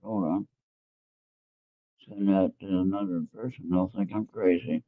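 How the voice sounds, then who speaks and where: Man, casual tarot show host, rambling self-talk, gravelly voice, tinny phone-quality recording. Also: sits low, steady tone, a little slow, no echo. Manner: rambling, talks to himself while fumbling with his phone. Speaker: tarot reader hosting an internet radio show. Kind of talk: casual live spiritual reading and chat.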